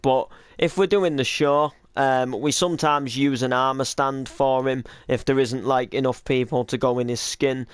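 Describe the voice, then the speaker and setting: The creator and cameraman behind a game roleplay series talks casually, meandering through hesitations and restarts. He has a mid-range, clean-toned voice with fairly even intonation, normal speed and few pauses, captured in a dry recording.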